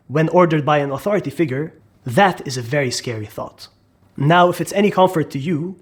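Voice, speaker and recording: A man narrating a psychology lesson in a dramatic way, asking the listener questions. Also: on the high side. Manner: dramatic, asks the listener questions, acts out quotes. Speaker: psychology lecturer. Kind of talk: explainer video narration.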